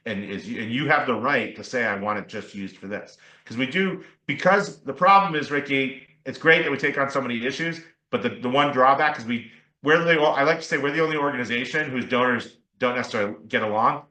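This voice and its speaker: An attorney guest on a podcast interview explains things earnestly, pausing to check in with his listener. His medium-pitched voice is bright and forceful, and it rings in an echoing room.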